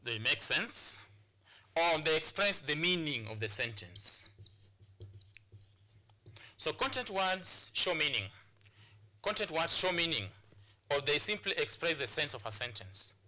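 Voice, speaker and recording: A man's voice: fairly high pitch, very animated, unhurried, long pauses, background noise. A man with a Kenyan English accent teaching a lesson on word and sentence stress, repeating words and restarting phrases as he explains. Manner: repetitive, restarts phrases, drills words aloud. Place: studio or classroom for educational broadcast.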